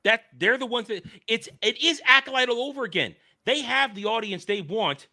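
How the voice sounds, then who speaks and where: A man hosting a casual commentary podcast, talking in an animated, sarcastic way and mocking what others say. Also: very high-pitched, normal speed. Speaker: podcast host.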